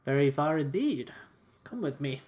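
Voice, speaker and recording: A man's voice: fairly high pitch, very animated, moderate pace, a little mellow. A man voicing a cheerful, eccentric male professor, reading game dialogue aloud in a hearty, inquisitive way.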